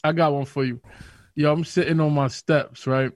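A man from Queens with a New York accent, co-hosting a podcast and telling animated, profane stories with voices for the people in them. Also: a little high, moderate pace. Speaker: podcast co-host. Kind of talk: casual storytelling chat.

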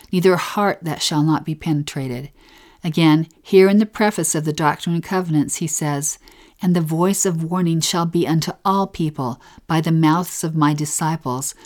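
Reverent woman with a very low voice. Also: darkish tone. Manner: reverent, measured reading of scripture. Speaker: scripture teacher. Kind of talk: scripture discussion.

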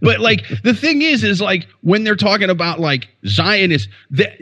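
A man's voice: high-pitched, expressive, normal speed, sharp tone. A man co-hosting a casual podcast chat, crude and sarcastic, joking with a lot of swearing. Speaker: podcast co-host.

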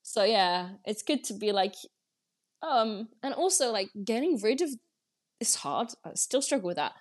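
A woman's voice: medium pitch, very animated, a little slow. A young woman, a podcast guest talking in a chatty, reflective way with lots of "like"s. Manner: chatty and reflective, many fillers like "like". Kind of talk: casual conversational interview.

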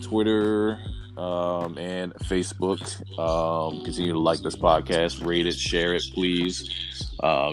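A man with a Southern US accent hosts a podcast in a relaxed, profane way. His voice sits fairly low. Faint music runs in the background. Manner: loose, profane, laid-back. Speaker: podcast host. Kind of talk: casual podcast chat.

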